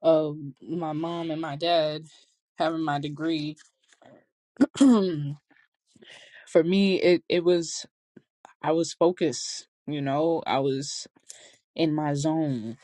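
A woman's voice: low-pitched, fairly even intonation, slow pace, long pauses, warm tone, no room sound. A young adult woman vlogging, telling casual stories in a chatty, slangy way and laughing often. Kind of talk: casual storytelling to camera.

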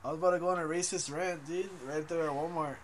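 A man's voice: fairly high pitch, steady tone, fast, a little hiss or hum. A man co-hosting a casual podcast, joking around in a profane, slangy way. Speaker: podcast co-host.

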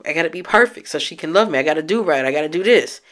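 A woman's voice: low-pitched, lively intonation, racing. A young adult woman talking candidly to her viewers about her healing journey, teary from having just cried. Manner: candid, emotional, speaks straight to her viewers. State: teary from recent crying. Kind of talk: casual heartfelt talk to camera.

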